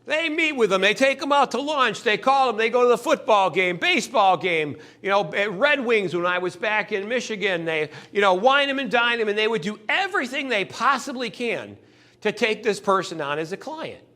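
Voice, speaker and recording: His voice is high and his pace normal as this man leads a motivational sales training talk. He plays out short customer-and-salesperson scenes in an animated way, voicing the customers.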